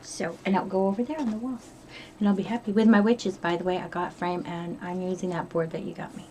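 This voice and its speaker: A woman's voice: lowish voice, fairly even intonation, quick pace, warm tone, slight background noise. A middle-aged woman from upstate New York chatting casually in a diary vlog, rambling and swearing freely. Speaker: vlogger.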